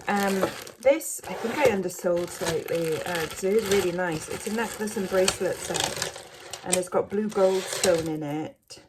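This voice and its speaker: A woman's voice: lowish voice, a little slow, noisy background. A woman vlogging casually from home, rambling and self-mocking, with many fillers. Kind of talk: casual chat to camera.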